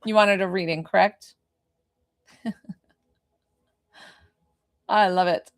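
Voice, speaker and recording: A woman with a noticeably creaky, gravelly voice hosts a live-streamed spiritual reading. Her talk is chatty and informal, and she easily sidetracks into other matters mid-session. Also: medium pitch, fairly even intonation, slow pace. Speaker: spiritual medium.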